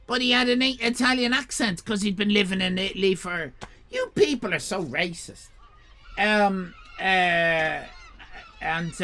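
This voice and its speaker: A man's voice: high-pitched, gravelly, pushed and bright. A man telling a rambling, profane comic story on a livestream, full of fillers and restarts. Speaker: streamer.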